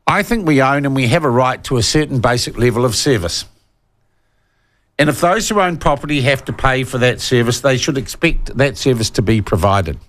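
A man's voice: medium pitch, fairly bright tone, dry recording. A man with a New Zealand accent hosting talkback radio, blunt and combative, hammering his points with repetition. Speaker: talk radio host.

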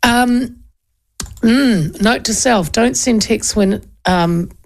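A woman's voice: on the high side, very slow. A woman with a New Zealand accent hosting talk radio, chatting in a rambling way and running through the news. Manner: rambling, chatty, with many restarts. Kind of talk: casual talk radio chat and news rundown.

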